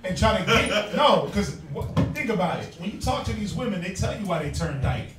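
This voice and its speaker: A man's voice: high-pitched, very animated, fairly quick, heavy background noise. A man teaching a Bible class in a blunt, streetwise way. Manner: blunt, streetwise, laughs while joking. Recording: echoey room, mic far off.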